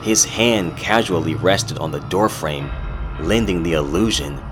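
A man narrating a horror story in a measured, dramatic storytelling style, over background music. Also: sits low. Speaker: narrator and host. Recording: music playing underneath.

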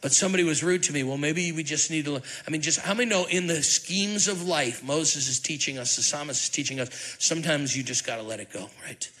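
A middle-aged man, lead pastor, preaching a sermon with animated, humorous storytelling and questions to the congregation. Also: a little high, fairly quick, few pauses, rough recording.

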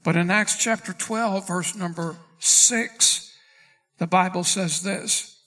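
A pastor delivers an expository sermon in a high voice for a man. He reads scripture slowly and deliberately and calls out questions to his congregation. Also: steady tone, bright, forceful tone. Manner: preaching, reading scripture aloud slowly.

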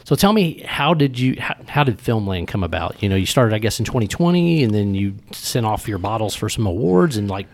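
A man's voice: on the low side, sing-song, brisk, vocal fry, hardly any pauses, darkish tone. A man hosting an interview show, talking in a folksy way and often stammering and repeating words. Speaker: host. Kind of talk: casual interview chat.

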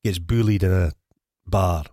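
A man's voice: sits low, unhurried, mellow, no echo, studio quality. A Scottish man co-hosting a casual film review podcast, joking and swearing as he talks. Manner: jokey, swears freely, acts out quotes. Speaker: podcast co-host.

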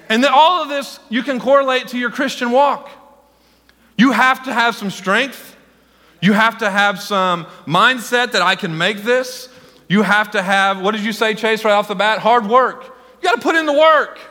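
A man preaching a sermon as senior pastor, excitable and speaking directly to his congregation. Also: high-pitched, moderate pace, in a large hall. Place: church sanctuary.

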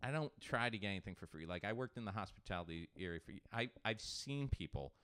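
Smooth-voiced man telling animated stories. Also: lowish voice, quick pace. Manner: animated storyteller who swears freely and acts out quotes. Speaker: podcast host. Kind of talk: casual chat.

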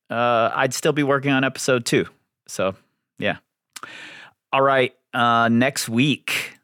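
A man's voice: lowish voice, a bit bright, dry recording, clean studio sound. A man hosting his own podcast, chatting casually and self-deprecatingly with his listeners. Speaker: podcast host.

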